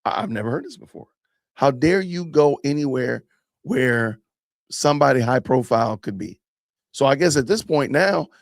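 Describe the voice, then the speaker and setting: A man on his own podcast reacts to a clip with heavy sarcasm, hammering the same phrases again and again. His voice sits fairly high and has a gravelly edge. The sound is dry and close to the mic. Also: no room sound. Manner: emphatic, sarcastic, repeats phrases. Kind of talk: reaction commentary.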